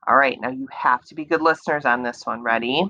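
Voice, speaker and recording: Patient low-voiced woman teaching phonics. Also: sharp tone, lo-fi sound. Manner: slow, patient, encouraging, repeats words and stretches sounds. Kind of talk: early reading lesson for young children.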